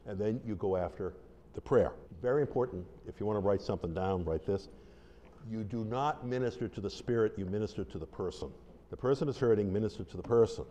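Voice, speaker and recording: A man's voice: lowish voice, fairly quick, dark tone, slight background noise. A man who is a deliverance minister, giving an informal, conversational teaching talk with restarts and stories. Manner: conversational, rambling, with restarts and acted-out quotes. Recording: long hall reverb.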